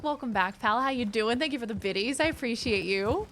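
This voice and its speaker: A woman's voice: a little high, a little fast, slight background noise. A woman streamer playing a game live, joking and exclaiming at what happens on screen. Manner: animated, jokey, exclaiming at the screen.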